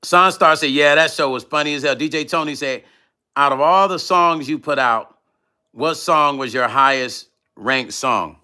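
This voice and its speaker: A man's voice: a little high, normal speed, clear, resonant tone. A middle-aged man talking casually on a livestream, reading out chat messages in a loose, laughing, rambling way. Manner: relaxed, loose, laughs often, drifts between topics. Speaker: music vlogger reading live chat.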